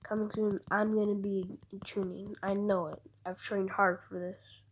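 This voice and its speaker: A woman voicing an excitable boy ninja who gushes and repeats himself, in a husky tone. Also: mid-range voice, measured pace, a little hiss or hum, lightly acted. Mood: excited.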